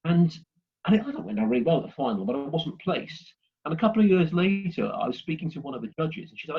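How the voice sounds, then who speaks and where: Husky man giving a workshop. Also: on the high side, animated, fast, dull audio. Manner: rambling, many fillers and restarts. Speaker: speaking workshop presenter. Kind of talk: instructional talk with anecdotes. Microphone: video call.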